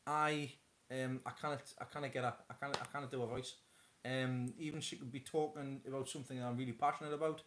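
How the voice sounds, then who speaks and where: A man's voice: medium pitch, flat delivery, fast talker, background noise. A man hosting a casual live chat from home, rambling with many stammered restarts. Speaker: host of a live stream.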